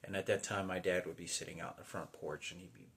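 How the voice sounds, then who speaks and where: A man in his forties telling a rambling personal story, halting and unsure, often restarting and trailing off. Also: deep voice, fairly even intonation. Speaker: vlogger.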